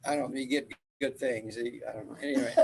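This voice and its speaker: A man's voice: medium pitch, big pitch swings, quick pace, gravelly, a little hiss or hum, poor audio. An older man, a spiritual teacher, telling a rambling story in casual group chat, laughing often.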